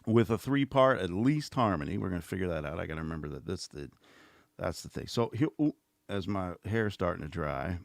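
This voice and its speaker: A man's voice: sits low, expressive, fairly quick, gravelly, no echo, clean studio sound. A middle-aged man hosting a casual livestream, talking in a sarcastic, rambling, mocking way. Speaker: host.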